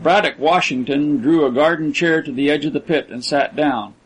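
A man narrating an audiobook in a measured, even storytelling manner. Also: fairly high pitch, slightly rough, rough recording.

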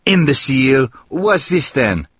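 A man voicing a loud, excitable Frenchwoman who shouts insults in a storybook reading. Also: medium pitch, unhurried, slightly rough, dry recording, clean studio sound. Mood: scolding. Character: loud excitable scolding Frenchwoman, heavy and stout.

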